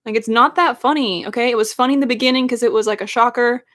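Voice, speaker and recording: Young woman venting about a movie, kinda high voice, sarcastic, lots of likes and ums. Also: fairly even intonation, very fast, fairly bright tone. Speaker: streamer. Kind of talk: casual movie rant to stream chat.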